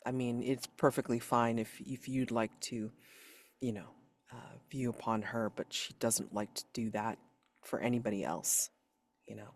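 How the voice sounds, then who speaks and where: A man's voice: mid-range voice, flat delivery, moderate pace. A man running a tabletop game as game master, casual and rambling with lots of filler words.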